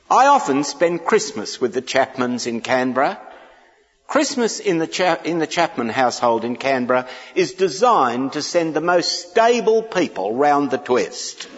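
A man preaching a sermon, mixing humorous storytelling with emphatic, pleading repetitions. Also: fairly high pitch. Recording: dull echoey hall.

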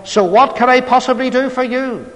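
A man's voice: extremely high pitch, moderate pace, a bit bright, pitched above the performer's own voice. A man voicing an old blind father who is trusting and easily fooled, in a sermon retelling. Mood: grieved. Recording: long hall reverb.

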